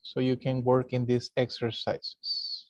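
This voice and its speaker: Slow-paced male teacher, dry close sound. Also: mid-range voice, completely flat delivery, no echo, muffled recording. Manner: patient, explanatory, pauses to point things out. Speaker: English teacher. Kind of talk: live commentary on a lesson video.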